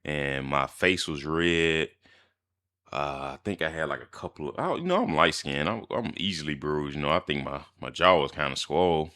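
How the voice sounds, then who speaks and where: Young man, very deep but bright-edged voice, slangy storytime vlogger. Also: normal speed. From Mississippi, US. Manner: slangy, animated storytelling with laughs. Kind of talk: storytime vlog.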